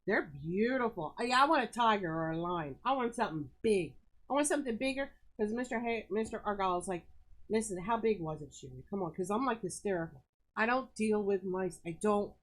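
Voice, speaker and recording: A woman hosts a casual live stream from her home in the country. She talks in a rambling, excitable way, and her pitch often leaps up high. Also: a little fast, low-quality recording. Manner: chatty, rambling, excitable with big pitch jumps. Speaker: host of a live sales stream. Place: rural home.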